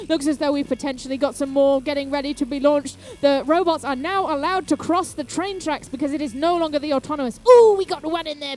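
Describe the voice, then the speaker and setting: A woman's voice: high voice, a little mellow. A young woman commentating a live robotics match, bubbly and chatty with playful asides. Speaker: event commentator.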